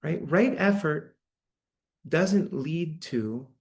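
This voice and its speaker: A man's voice: on the high side, lively intonation, extremely slow, darkish tone. A man giving a dharma talk to a live audience in a church hall, speaking conversationally and often checking in with "right?". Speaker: meditation teacher.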